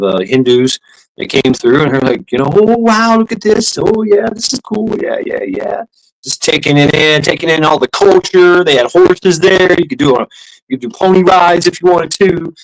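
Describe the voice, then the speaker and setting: A man's voice: mid-range voice, rough recording. A man streaming, telling a story in a casual, rambling way, swearing often, laughing and restarting his sentences. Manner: profane, laughing, full of fillers and restarts. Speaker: live streamer.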